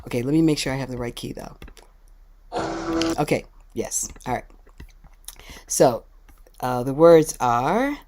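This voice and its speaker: A woman guest song leader on a video call, teaching a chant line by line with frequent laughter. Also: extremely low pitch. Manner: laughs often, sings example lines, slow and relaxed.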